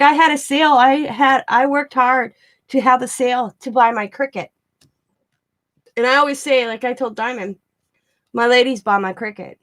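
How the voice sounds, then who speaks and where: A middle-aged woman talks straight to her viewers in a loose, rambling way. Her voice sits a little high, and she laughs often and restarts her sentences as the stories spill out. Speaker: craft vlogger. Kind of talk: casual storytelling chat.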